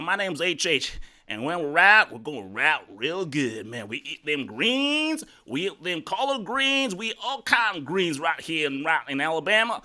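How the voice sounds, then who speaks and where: A boastful Southern good ol' boy drawls and brags in a put-on Southern accent, as a man puts him on. The voice rides high and sounds bright and forceful. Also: exaggerated voice. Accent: put-on American Southern. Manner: drawling, brash, repetitive bragging.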